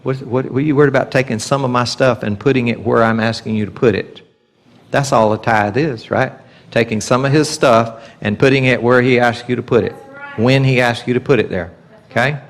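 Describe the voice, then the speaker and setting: Man, Bible teacher, conversational sermon, middle pitch, animated quotes. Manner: conversational, acts out God's voice in quotes.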